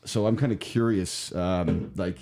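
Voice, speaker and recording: A man's voice: sits low, measured pace, mellow, a little hiss or hum. A man hosting a casual podcast chat with an Irish accent, joking around and laughing often. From Ireland. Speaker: podcast host.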